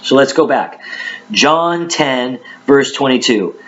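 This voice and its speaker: Chatty pastor, dull lo-fi sound. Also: male voice, mid-range voice, animated, slow pace, a bit bright. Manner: conversational, chatty asides between readings. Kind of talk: casual Bible teaching with scripture reading. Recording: dull lo-fi recording.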